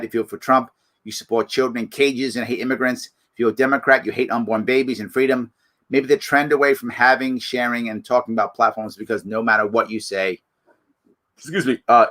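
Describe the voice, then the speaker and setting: A middle-aged man hosting a live political talk show, giving animated, emphatic commentary full of rhetorical questions. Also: medium pitch, fairly quick. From New York.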